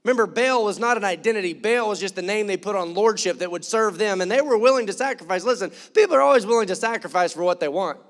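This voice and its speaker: A man's voice: high voice, lively intonation, fast, few pauses. A man preaching in church, conversational and joking, acting out quoted voices. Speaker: pastor. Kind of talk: sermon.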